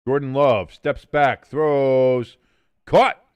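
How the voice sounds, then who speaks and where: A man hosting a live watch-along stream, calling plays casually, reading out chat and cracking jokes with loud excited bursts and swearing. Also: mid-range voice, drawn-out words, clear, resonant tone, no room sound, highs cut off. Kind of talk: casual play-by-play commentary.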